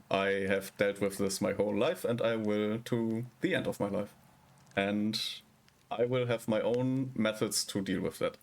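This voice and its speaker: A male streamer talks slowly and casually with his viewers, his lowish voice full of gravelly fry. He rambles and hesitates as he picks his words. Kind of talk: casual live-stream chat.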